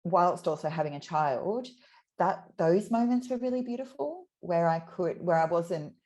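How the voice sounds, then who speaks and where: A woman, reflecting candidly in an interview, often pausing and restarting her sentences. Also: lowish voice, animated, darkish tone. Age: 30s. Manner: reflective, halting, with many restarts.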